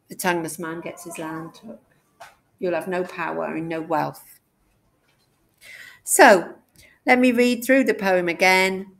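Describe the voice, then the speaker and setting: Chatty jokey woman teaching a class. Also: lowish voice. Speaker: English teacher. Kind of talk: classroom lesson.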